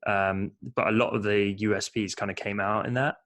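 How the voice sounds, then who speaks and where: A man's voice: fairly low pitch, steady tone, fairly quick, fairly bright tone. A man co-hosting a casual business podcast, chatty and playful as he gives practical advice. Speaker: podcast co-host.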